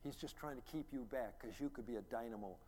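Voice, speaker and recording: A middle-aged man, a pastor, preaching a sermon as a story, acting out quotes and building to loud, emphatic peaks. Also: mid-range voice, fast. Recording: long reverb, faint ambient noise.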